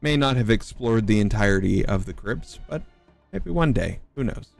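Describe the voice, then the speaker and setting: A man running a tabletop game as game master, narrating in a halting way with many fillers. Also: lowish voice, expressive, creaky, dry recording, faint music behind. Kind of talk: casual chat and game narration.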